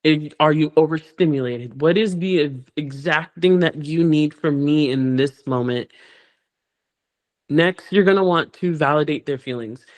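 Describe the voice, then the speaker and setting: Higher-pitched man explaining child care. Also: unhurried. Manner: explains step by step, repeats words while searching for phrasing. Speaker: presenter on child behavior. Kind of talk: educational talk.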